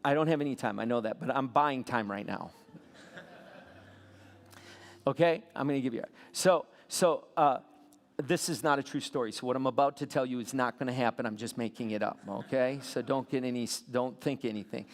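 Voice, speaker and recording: A man preaching a sermon as a pastor, telling a story with lively swings between soft asides and loud bursts. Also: medium pitch, normal speed. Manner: animated storytelling with sudden loud peaks. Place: church sanctuary. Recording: long hall reverb.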